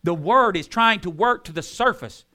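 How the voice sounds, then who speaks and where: A man preaching a sermon, repeating key phrases with emphasis and dropping into soft tones. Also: sits high, animated, moderate pace. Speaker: pastor.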